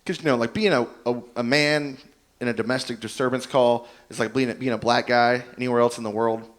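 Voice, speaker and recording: A man's voice: mid-range voice, fairly even intonation, a little fast. A man doing an open-mic stand-up set, telling rambling, self-deprecating stories with plenty of fillers. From Indiana. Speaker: stand-up comedian.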